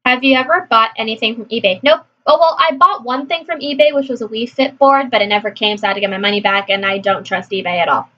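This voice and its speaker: A woman from California chatting casually through a list of questions, answering briskly with frequent laughs. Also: on the high side, muffled recording. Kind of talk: casual chat.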